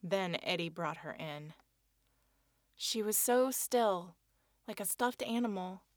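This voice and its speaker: A woman's voice: mid-range voice, lively intonation, slow, no echo. Woman reading a children's story, dry sound. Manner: earnest, childlike first-person telling. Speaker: narrator. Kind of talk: first-person storybook narration.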